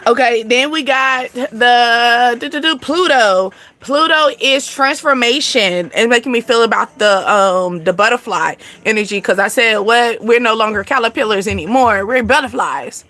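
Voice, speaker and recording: Woman, casual astrology reader, bright high voice, laughs and swears easily. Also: normal speed, hardly any pauses. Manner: chatty, laughs often, sings and acts out snippets; swears casually, addresses viewers as y'all. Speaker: spiritual reader.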